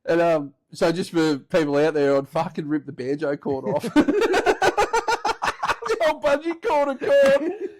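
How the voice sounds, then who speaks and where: A man's voice: on the high side, sing-song, a little slow, heavy background noise. A man with an Australian accent, hosting a podcast and telling a rambling, swear-filled story in a casual way, often breaking into laughter. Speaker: podcast host.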